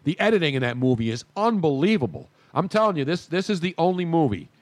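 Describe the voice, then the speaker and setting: A man's voice: on the high side, big pitch swings, fast, dry recording. A man hosting a casual sports talk show, emphatic and jokey. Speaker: host.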